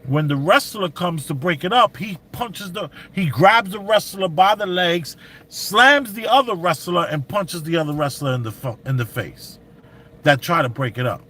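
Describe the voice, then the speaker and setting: A middle-aged man, telling stories and giving commentary in animated, slangy street talk. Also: high-pitched, moderate pace. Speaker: vlogger. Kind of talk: commentary and storytelling.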